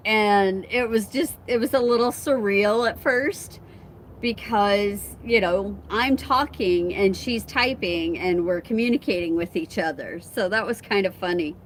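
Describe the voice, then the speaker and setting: In an unhurried, mid-range voice, a woman chats with viewers on a casual phone live stream outdoors at home, where wind and chimes are audible. She laughs often and reads out and answers comments, with slight background noise in the recording.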